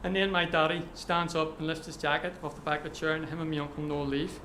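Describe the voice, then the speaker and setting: A man's voice: a little high, level tone, fast talker, pushed and bright, a little hiss or hum. A man reading his own short story aloud at a live event, telling it vividly in the present tense. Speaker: author.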